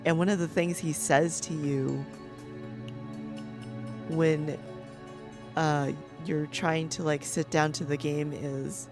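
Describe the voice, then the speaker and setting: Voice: medium pitch, fairly even intonation, slow, pauses often. A gaming creator giving casual gameplay commentary, chatty and rambling, who swears freely and laughs often. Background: game music.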